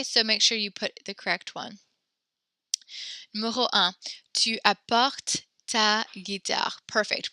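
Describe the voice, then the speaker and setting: Woman, French teacher, very bright voice, dry close sound, encouraging, keyboard clicks. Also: medium pitch, vocal fry, no echo. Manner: encouraging, praises students often; walks through conjugations step by step. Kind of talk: online class teaching.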